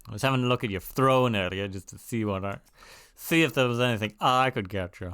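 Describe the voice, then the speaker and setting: A man's voice: mid-range voice, brisk, fairly bright tone, clear, resonant tone. A man streaming a video game, chatting casually with rambling, self-mocking asides. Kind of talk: casual gameplay chat.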